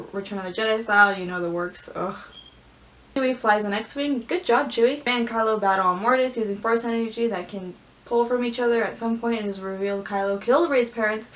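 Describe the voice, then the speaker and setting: A young woman with a fairly high voice chats casually as a vlogger. She talks in a sassy, slangy way and keeps tossing in jokey paraphrased lines. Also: a bit bright. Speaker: vlogger reading and reacting. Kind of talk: casual reaction chat.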